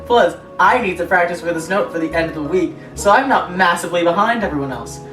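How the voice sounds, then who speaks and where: A woman's voice: on the low side, animated, fast talker. A young woman co-hosting a casual chat, reading online posts aloud with laughing asides. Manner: giggly, reads aloud with frequent laughing asides. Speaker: co-host reading online stories. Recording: echoey room, distant from mic, music behind.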